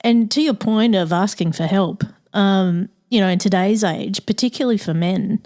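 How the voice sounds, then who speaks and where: A woman's voice: mid-range voice, moderate pace, darkish tone. A woman hosting an interview, listening attentively and offering reflective follow-ups. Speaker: podcast host. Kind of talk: interview conversation.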